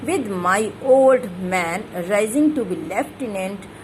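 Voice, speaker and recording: A woman's voice: mid-range voice, lively intonation, slow pace, darkish tone, slight background noise. A woman reading the lines of a bold, older woman fortune teller in a blunt, matter-of-fact way. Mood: boastful.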